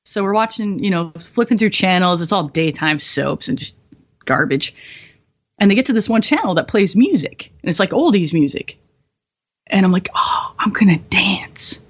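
A woman's voice: mid-range voice, lively intonation, moderate pace, lo-fi sound. Blunt, profane woman telling war stories. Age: 20s. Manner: blunt, profane, laughing through dark stories. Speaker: guest, former bomb disposal technician. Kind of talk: candid storytelling interview.

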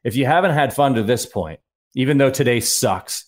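A man's voice: medium pitch, animated, normal speed. A man hosting a sports podcast, talking in an earnest, rambling way with frequent restarts. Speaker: podcast host. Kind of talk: casual podcast chat.

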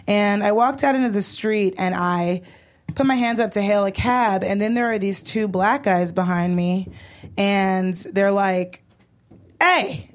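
A young adult woman chatting casually, telling a story with animated quoted voices and loud bursts of anger. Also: mid-range voice, measured pace. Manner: animated, acts out quotes, gets loud when retelling anger.

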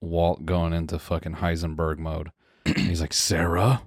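A man's voice: rumbling low, monotone, darkish tone, no room sound, studio quality. A man co-hosting a podcast, chatting casually and laughing often. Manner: laughs often, slow and drawn out. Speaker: podcast co-host. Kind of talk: casual chat.

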